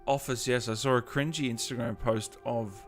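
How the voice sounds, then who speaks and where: A man's voice: medium pitch, steady tone, normal speed. A sleepy Australian man chats easily on his live stream, reading out viewer comments and answering them as they come. His voice sits in a middle register for a man, and faint music plays behind him. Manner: laid-back, reads viewer comments aloud and answers them. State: tired, just woke up. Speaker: gaming stream host. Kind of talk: casual live-stream chat.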